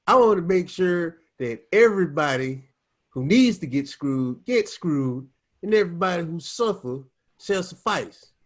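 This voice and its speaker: A man doing an impression of a drunk presidential candidate, slurring and rambling through a campaign pitch.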